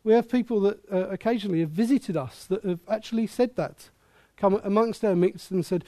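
A man's voice: high voice, brisk, warm tone, dry recording. A man preaching a sermon as pastor, earnest and repetitive, often acting out quoted voices. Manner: earnest, repeats words and restarts, acts out quoted voices.

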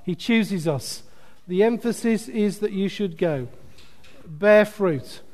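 A man preaching a sermon, lively and emphatic, joking with asides to the congregation. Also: sits high, slow. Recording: long hall reverb.

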